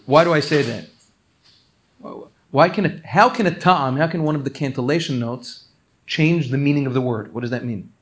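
Male Torah teacher, slightly high voice. Earnest and emphatic, quick readings followed by slow explanations. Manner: earnest, rapid-fire reading of quoted texts then slower explaining; emphatic, repeatedly urging listeners to pay attention. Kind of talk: recorded religious law class.

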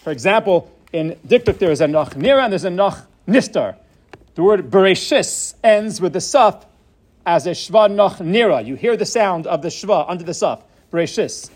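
A man with a fairly high, light voice teaches a Torah lesson on Hebrew grammar. He explains each point in a measured, patient way and weaves Hebrew terms into his speech. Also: expressive.

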